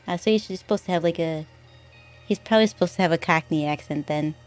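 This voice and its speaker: A woman streamer chats casually while she plays a game, thinking aloud. Her voice sits a bit low. Faint game music plays under her talk. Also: fast talker. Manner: chatty, thinking aloud with fillers and laughs. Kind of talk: casual gameplay commentary.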